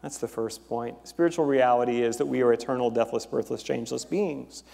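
A male pastor giving a sermon in a church, chatty and animated, with fillers as he tells a joke and lays out his points. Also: mid-range voice, fairly quick, creaky. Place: large church sanctuary. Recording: long hall reverb.

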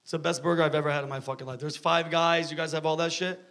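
A comedian from New York works through a profane, ranting stand-up set on stage. His voice sits high for a man and sounds bright and sharp. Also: little pitch movement, fast.

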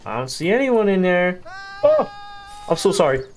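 Lively, slangy man joking through gameplay. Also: high voice, normal speed, faint music behind. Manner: slangy, profane, jokey banter with game characters. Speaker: gameplay commentator. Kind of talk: casual gameplay commentary.

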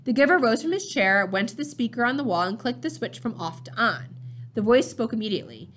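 A woman narrating a novel chapter in a steady, measured storytelling voice. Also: on the high side, slight background noise. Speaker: audiobook reader.

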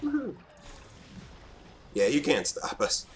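A man casually commentating his own online match, excitable, swinging between low muttering and sudden shouts. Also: normal speed, a little hiss or hum.

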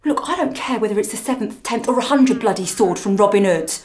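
A woman's voice: medium pitch, animated, fairly quick, a little mellow, close to an everyday voice. A woman playing a foul-mouthed, exasperated treasure hunter who argues and swears. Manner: exasperated, sweary, arguing on a call.

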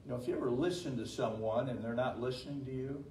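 A man's voice: medium pitch, darkish tone, far from the mic, slight background noise. Older male pastor preaching in an echoey hall. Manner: halting with many fillers, slows and rises for emphasis. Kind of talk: sermon.

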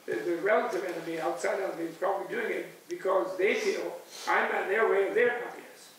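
A man giving a spiritual teacher's closing talk at a retreat. He speaks in an animated, digressive way, often chuckling. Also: sits high, fast talker. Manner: animated and digressive, chuckling, acting out voices of others. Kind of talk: discursive spiritual lecture. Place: large echoey hall at a retreat center. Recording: echoey, distant room recording with faint hiss.

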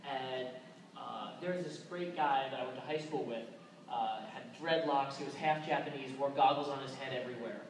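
A man's voice: medium pitch, normal speed, a crowd in the background. A young man from Tennessee giving a casual convention talk, loose and chatty with lots of filler sounds and restarts. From Tennessee, USA. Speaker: convention panel speaker. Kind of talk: casual presentation. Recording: echoey room recorded from far off, background noise.

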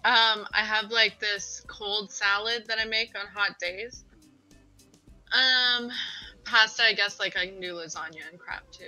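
An excitable, bubbly woman, a guest player, chatting and laughing over voice chat. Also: mid-range voice, a little slow, faint music behind, poor audio. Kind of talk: casual chat while gaming.

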